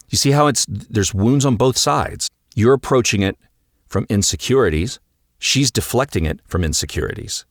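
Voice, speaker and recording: A man's voice: lowish voice, very animated, brisk, no room sound, studio quality. A man hosting a solo podcast, talking directly and coaching his listeners, often acting out bits of dialogue. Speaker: podcast host and marriage coach.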